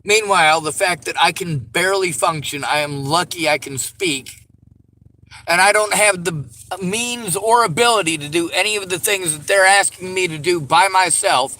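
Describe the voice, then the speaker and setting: Brief: frustrated male vlogger, ranting, slightly high voice. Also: normal speed, bright, forceful tone, low-quality recording. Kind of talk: venting commentary.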